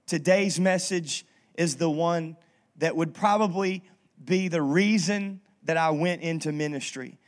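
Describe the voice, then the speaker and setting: A man's voice: a little high, measured pace. A pastor giving a sermon in a humorous, chatty way, often restarting his sentences.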